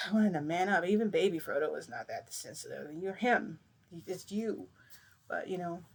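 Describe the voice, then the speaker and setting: A woman's voice: fairly low pitch, expressive, moderate pace, vocal fry, breathy edge. A woman vlogger telling a long story in a casual, rambling way, full of filler words.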